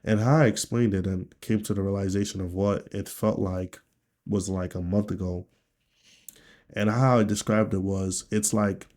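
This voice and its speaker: A man from Nigeria talking candidly in a personal video diary, with a low, subdued and profane, rambling delivery. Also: mellow. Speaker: vlogger.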